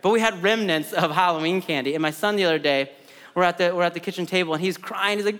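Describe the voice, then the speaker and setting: A man's voice: high voice, quick pace, a bit bright. Man preaching in a reverberant hall. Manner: conversational preaching with repeated words and asides. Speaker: pastor. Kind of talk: sermon.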